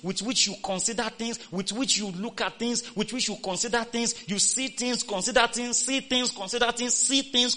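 A man preaching a sermon, repeating phrases and swinging from loud calls to hushed, quoted scripture. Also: sits high.

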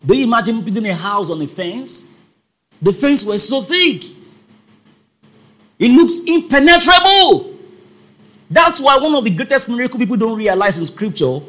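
A man preaching a sermon, emphatic and fond of repeating his points as he calls out to the congregation. His voice is high and bright, and it swings widely as he speaks. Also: lively intonation, moderate pace.

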